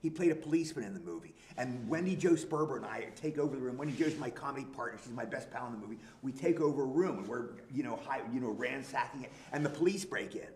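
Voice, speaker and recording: An older man, an actor guest at a convention, telling stories in an animated way and acting out comic bits. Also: mid-range voice, fast, hardly any pauses, slight background noise. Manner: animated, tells anecdotes and acts out bits. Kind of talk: convention interview storytelling. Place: convention hall, live stream. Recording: echoey room.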